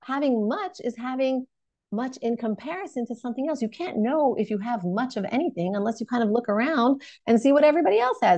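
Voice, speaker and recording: A woman's voice: a little high, brisk, no room sound, highs cut off. A woman in her thirties giving an online Torah lesson, asking questions and restarting her sentences as she thinks aloud. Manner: animated, questioning, many fillers and restarts. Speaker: Torah teacher.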